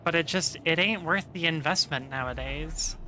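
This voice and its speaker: A woman streamer chatting casually with viewers while playing, relaxed and profane, rambling with lots of fillers. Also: low voice, moderate pace, slight background noise. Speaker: game streamer. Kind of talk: casual stream chat reading viewer messages.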